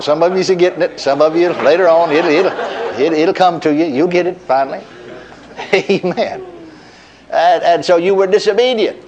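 Folksy middle-aged preacher guy, tells his story with chuckles, voice swoops up and sinks low. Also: highs cut off, noisy background. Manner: lively pitch, dropping low at line ends. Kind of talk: sermon.

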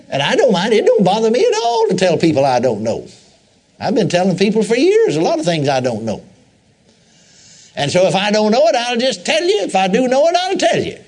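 A man's voice: high-pitched, wildly swooping pitch, a little fast, darkish tone. A male preacher giving a sermon in a folksy storytelling way, with repeated phrases and asides to the congregation.

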